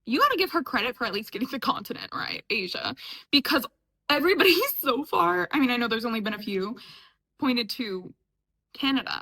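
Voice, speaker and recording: High-voiced chatty young woman vlogger. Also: sing-song, brisk, pushed and bright, slight background noise, rough recording. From upstate New York. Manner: chatty and sarcastic, often laughing. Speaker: reaction vlogger. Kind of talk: casual chat.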